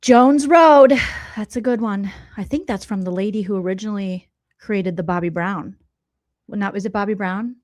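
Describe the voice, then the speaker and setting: A woman comedian giving casual, sarcastic reaction commentary, swinging between loud outbursts and whispered asides. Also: medium pitch, normal speed, no room sound.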